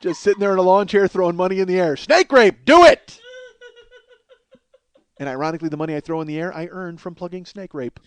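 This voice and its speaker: Forties guy on his comedy podcast, kinda high voice, goofy rambling bits, cracks himself up. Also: fairly even intonation, racing, few pauses, a little hiss or hum. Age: 40s. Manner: absurd running bits, loud bursts, laughs at own jokes.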